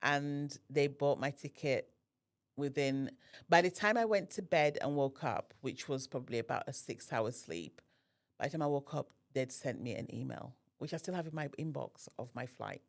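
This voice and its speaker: A woman with a bass voice speaks at normal speed while guesting on a podcast. She tells a personal story in an animated way, voicing the other characters herself.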